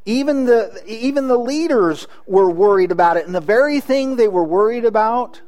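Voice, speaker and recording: A man's voice: high-pitched, animated, normal speed, a little mellow. A man preaching a sermon, earnest, with frequent restarts and rhetorical questions to the congregation. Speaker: pastor.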